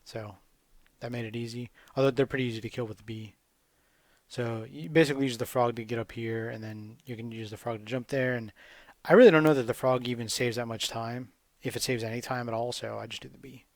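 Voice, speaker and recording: A man's voice: medium pitch, steady tone, fairly quick, no room sound, clean studio sound. A man casually commentating his gameplay with wry, sarcastic asides. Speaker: gamer commentating a speedrun.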